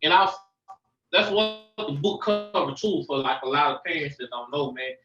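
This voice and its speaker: A father and guest on a podcast, telling stories in an animated, casual way and acting out what people said. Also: on the high side, moderate pace, distant mic, music in the background. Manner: animated, storytelling, acts out quotes. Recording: dull, echoey, from off-mic.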